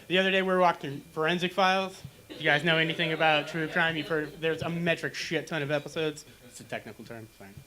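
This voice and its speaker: A young man on a small lounge stage doing stand-up into a handheld mic, his voice bright and a little high for a man. He tells dark jokes deadpan and now and then acts out pained groans. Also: brisk. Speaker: stand-up comedian. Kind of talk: stand-up comedy set.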